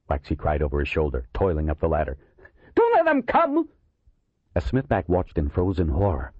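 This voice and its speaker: A man's voice: low-pitched, husky, dry recording, lo-fi sound. A man reading a horror audiobook aloud as narrator, in tense, scripted storytelling.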